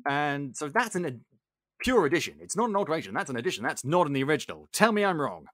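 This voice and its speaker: A British man hosting a podcast in casual chat, excitable and sarcastic. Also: fairly high pitch, fast talker, no echo, studio quality. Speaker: podcast host.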